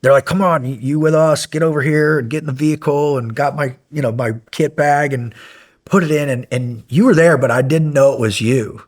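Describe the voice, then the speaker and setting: A man guest recounting a story in casual conversation, animated and acting out remembered dialogue with laughs along the way. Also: fairly high pitch, a little fast. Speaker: guest, former special operations medic.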